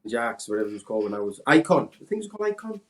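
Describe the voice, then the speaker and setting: A Welsh man in his forties, a former footballer, telling animated anecdotes in casual chat and mimicking people in a raised voice. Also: racing. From Wales. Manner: animated anecdotes, acts out quotes in a high voice. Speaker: former footballer, podcast guest. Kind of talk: casual storytelling.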